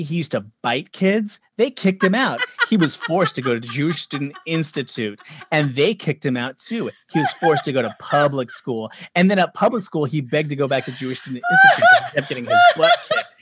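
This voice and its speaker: A man's voice: on the high side, noisy background. A man in his forties, a guest filmmaker on a casual podcast chat, telling stories with animation, acting out quotes and laughing often. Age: 40s.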